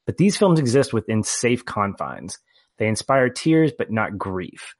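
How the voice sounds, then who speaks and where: A man's voice: fairly low pitch, sing-song, unhurried, dry recording. A man co-hosting a podcast, talking about a film in a wry, hesitant way. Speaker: podcast co-host. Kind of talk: casual film review chat.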